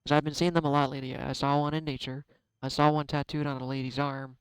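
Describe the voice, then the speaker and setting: A man giving a casual tarot card reading, chatty and self-deprecating, thinking out loud. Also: medium pitch, flat delivery, fast, smooth, dry recording, low-quality recording. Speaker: tarot reader.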